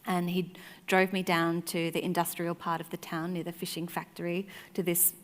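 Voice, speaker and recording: A woman with a slightly low voice, recounting a story with animated energy and easy laughter. She is speaking on a festival stage, and the sound rings out with a long hall reverb. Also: moderate pace. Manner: animated anecdotes, laughs often, soft asides. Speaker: author and festival guest. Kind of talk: storytelling in a live conversation.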